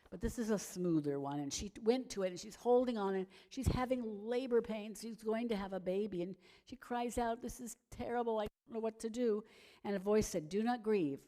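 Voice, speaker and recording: A woman telling a gentle children's story at a worship service, pausing to ask the audience questions. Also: lowish voice.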